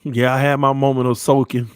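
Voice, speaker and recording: A man's voice: mid-range voice, flat delivery, a little fast, smooth, no room sound, studio quality. A man hosting a sports channel, giving an earnest, emotional motivational talk to his viewers, often repeating phrases and calling them "man" and "y'all", shaken after hours of crying.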